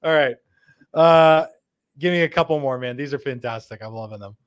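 A male host on a live show reads viewer comments aloud and jokes about them, laughing often and slipping into quick voices for the quotes. His voice is medium-pitched and smooth.

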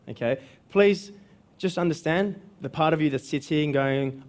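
A man's voice: mid-range voice, brisk. A male coach giving a live seminar talk to an audience, conversational, often checking in with the room and repeating phrases. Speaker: workshop speaker and coach.

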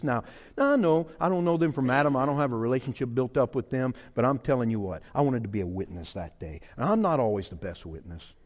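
A middle-aged man preaching a sermon, telling a folksy personal story with animated swings and loud bursts. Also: lowish voice. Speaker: pastor. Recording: long hall reverb.

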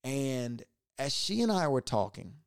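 A man hosting a podcast, lively as he retells a personal story and repeating words when excited. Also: mid-range voice, unhurried, clean tone, no echo, clean studio sound. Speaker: podcast host.

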